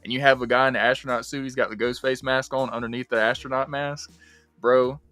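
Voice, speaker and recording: A man's voice: mid-range voice, a little fast, no room sound. A young man chatting loosely on a livestream, rambling and cursing as he riffs on movies. His voice sits in an ordinary middle register, recorded close and dry with faint music underneath. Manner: animated, swears freely, rambling with fillers. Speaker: livestream host. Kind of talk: casual movie discussion.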